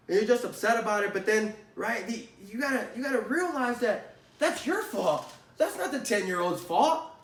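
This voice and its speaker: A man's voice: very high-pitched, expressive, a little fast. A man giving a casual spoken lesson on sales calls, talking conversationally, repeating his points and often asking "right?". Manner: conversational, repeats phrases, many "right?" tags. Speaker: sales trainer. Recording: roomy echo, distant from the mic.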